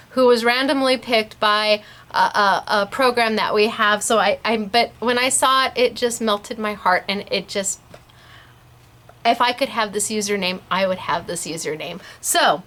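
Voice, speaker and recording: A woman hosting a casual craft tutorial, chatty and bubbly and quick to laugh. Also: on the high side, sharp tone. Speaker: host of a scrapbooking shop channel.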